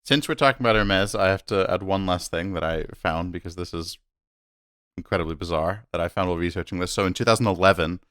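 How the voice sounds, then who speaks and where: A man hosting a podcast, chatting in an animated, amused way. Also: low-pitched, quick pace, clean tone, dry recording, studio quality. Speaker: podcast host. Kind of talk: casual podcast chat.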